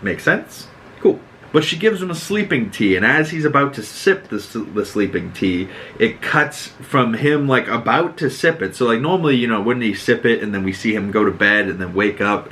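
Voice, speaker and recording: A man's voice: medium pitch, bright, forceful tone, a little hiss or hum. A young man from Boston, hosting a podcast and giving a casual, rambling recap with frequent swearing and filler words. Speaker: podcast host.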